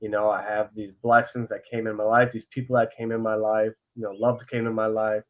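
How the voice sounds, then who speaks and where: Young male podcast co-host, low voice, candid, rambling, filler-heavy. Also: level tone, brisk, highs cut off. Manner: earnest and open about feelings. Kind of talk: casual podcast chat.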